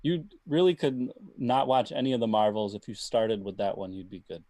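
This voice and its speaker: A man co-hosting a casual sports podcast, giving quick opinions and reasoning them through. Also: fairly low pitch, fairly even intonation, mellow, dry recording. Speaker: podcast co-host.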